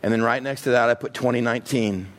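A man preaching a sermon, joking and acting out quick bits of everyday talk. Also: medium pitch. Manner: animated, joking, acts out little voices. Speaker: pastor.

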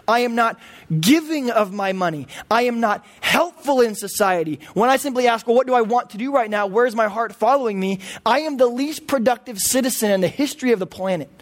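Male pastor, thirties, high voice, emphatic sermon delivery. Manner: earnest, emphatic preaching.

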